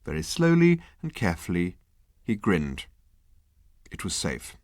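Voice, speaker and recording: Brief: lively male audiobook reader, wry and deadpan, low voice, dry close sound. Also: measured pace, gravelly, no echo. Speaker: audiobook narrator. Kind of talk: scripted narration.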